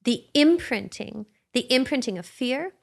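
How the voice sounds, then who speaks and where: A woman's voice: on the high side, expressive, unhurried, creaky. A woman co-hosting a podcast, talking reflectively and searching for her words in casual conversation. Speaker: podcast co-host.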